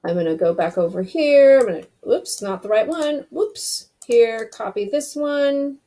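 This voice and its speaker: A woman's voice: fairly high pitch, lively intonation, a little slow, warm tone. A woman hosting a casual screen-recorded web design tutorial, chatty and thinking aloud as she clicks through each step.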